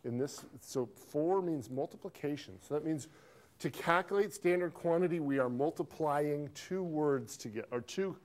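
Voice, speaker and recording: A man teaching an accounting class, lively, quizzing students and repeating key phrases, recorded in a classroom. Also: fairly high pitch, moderate pace. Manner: animated, asks the class questions and drills a phrase. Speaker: accounting instructor. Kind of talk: classroom lecture. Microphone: filmed by a videographer in class.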